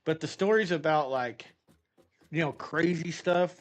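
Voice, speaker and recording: A middle-aged man chats casually while he plays a game, his voice sitting a bit high for a man. He tells long, animated stories that ramble along, full of fillers and restarts. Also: a little slow. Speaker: gaming streamer.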